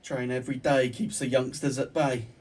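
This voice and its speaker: Husky man trading dry quips. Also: medium pitch, little pitch movement, normal speed, a little mellow. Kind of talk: casual banter. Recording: distant mic.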